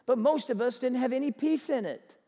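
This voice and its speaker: A man preaching a sermon as pastor, animated and acting out excited sports fans. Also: very high voice, brisk, noisy background. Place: church sanctuary. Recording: long church reverb.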